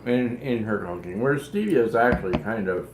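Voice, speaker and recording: A man's voice: mid-range voice, expressive, normal speed, echoey room, noisy background. A man chatting casually as co-host, adding short remarks and sometimes searching for words. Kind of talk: casual chat.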